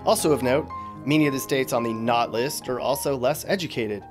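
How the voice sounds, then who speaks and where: A man's voice: medium pitch, a little fast, over music. Playful male YouTube narrator. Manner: playful, teasing asides. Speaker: YouTube host. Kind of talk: jokey scripted narration.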